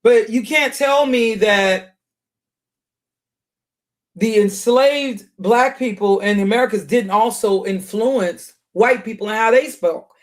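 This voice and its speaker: A woman's voice: a little high, slow pace. A woman hosting a casual commentary video, thinking aloud with many restarts and fillers, and at times reading a passage aloud. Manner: reads aloud from a search result on screen. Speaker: commentary channel host.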